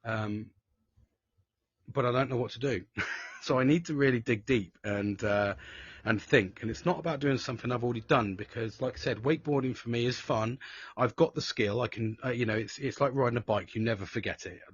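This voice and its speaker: A man's voice: medium pitch, a little fast, breathy edge, no echo, highs cut off. A man hosting a live show, talking candidly and profanely about mental health, rambling with restarts. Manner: sweary, frank, rambling with restarts.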